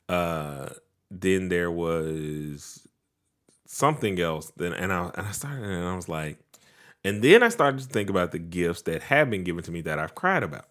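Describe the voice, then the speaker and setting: A man co-hosting a podcast, telling a story in casual chat with quick asides. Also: low-pitched, animated, a bit bright. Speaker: podcast co-host.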